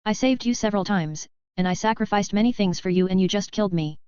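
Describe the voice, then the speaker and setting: Sprecherin als wütende verratene Königin. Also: female voice, mid-range voice, quick pace, a little mellow, smooth, no room sound, highs cut off, natural voice. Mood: angry. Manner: angry, accusing. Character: furious betrayed young queen, a woman.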